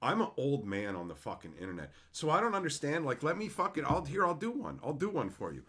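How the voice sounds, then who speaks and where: A man's voice: on the high side, huge pitch swings, fast talker, bright, forceful tone. A middle-aged man from Canada hosting a casual livestream, ranting with heavy profanity and mocking silly voices. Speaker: livestream host.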